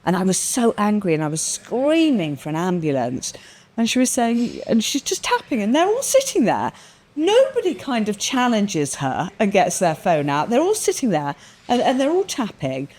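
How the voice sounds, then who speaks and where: In a mid-range voice at normal speed, a woman guesting on a podcast relates a personal story expressively. She brings the quotes to life and swears in a casual way.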